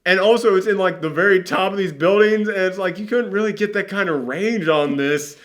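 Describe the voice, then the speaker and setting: A man's voice: sits high, brisk. A man hosting a casual movie reaction chat, ranting sarcastically with lots of fillers.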